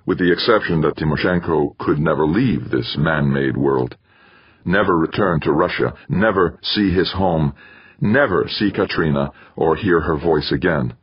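A man narrating a novel as an audiobook in a measured, steady reading style. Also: low-pitched, slightly rough, no echo. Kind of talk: scripted narration. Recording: dry, slightly dull audio.

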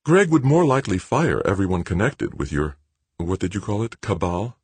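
A man's voice: fairly low pitch, sing-song, a little fast, breathy edge, dry recording, pitched above the performer's own voice, heavily acted. A man voicing a firm, wary middle-aged mother. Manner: hushed and firm by turns, questioning.

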